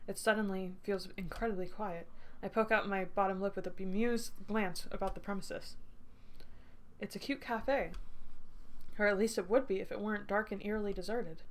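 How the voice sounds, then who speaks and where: A young woman streamer reading a story game aloud, breaking off to swear and laugh at it. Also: mid-range voice. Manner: swears freely, bursts into laughter. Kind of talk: reading a visual novel aloud with reactions.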